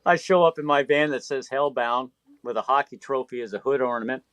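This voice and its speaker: Chatting casually, this sixty-something man tells animated tales peppered with profanity, performing people's lines as he goes. He talks fairly quickly in a mid-range voice, and there's no room sound.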